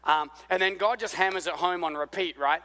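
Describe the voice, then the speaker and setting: High, bright-voiced pastor preaching in a hall. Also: male voice, brisk. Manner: conversational, repeats words for emphasis, asks the audience questions. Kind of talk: sermon. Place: church hall. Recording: long hall reverb.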